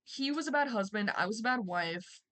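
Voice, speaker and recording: A young woman streamer telling a personal story in a rambling, animated way, swearing and acting out quotes loudly. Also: a little high, brisk. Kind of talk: casual storytime.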